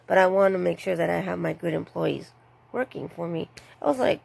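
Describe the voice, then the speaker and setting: A woman's voice: a little fast, vocal fry. A woman who works in retail, casually telling a story about her job and acting out what her coworkers said. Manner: animated, acts out others' lines with higher pitch. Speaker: retail store worker.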